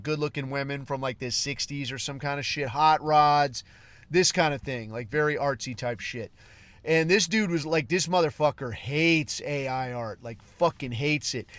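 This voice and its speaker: Male podcast host, solo rant, profane and rambling, raised pitch, dry close sound. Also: a bit bright, smooth, dry recording. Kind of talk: casual solo monologue.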